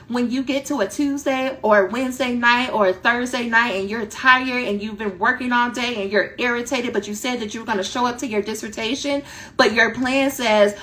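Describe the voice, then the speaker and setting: A woman dissertation coach giving a direct, animated talk that acts out her students' inner voices. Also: on the high side.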